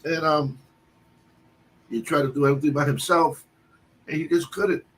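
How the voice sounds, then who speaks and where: A man telling a long personal story on a livestream, halting often and restarting his sentences. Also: a little high, steady tone, fairly bright tone. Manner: halting, with many restarts and fillers. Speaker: guest storyteller. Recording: distant mic with faint background noise.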